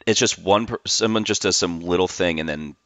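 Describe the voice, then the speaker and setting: A man's voice: deep voice, brisk, a bit bright, no echo. A man hosting a podcast, chatting casually over a video call and swearing offhandedly. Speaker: podcast host.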